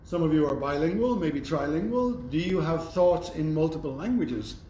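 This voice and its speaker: A man's voice: a little high, lively intonation, moderate pace, dark tone. A man giving a university lecture in a thoughtful, conversational way with wry asides. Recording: roomy echo, faint background noise.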